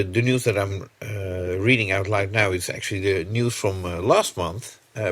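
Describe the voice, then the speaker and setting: A man co-hosting a casual podcast, halting and joking, with many fillers, Dutch his first language. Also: lowish voice, a bit bright. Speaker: podcast co-host, magazine editor.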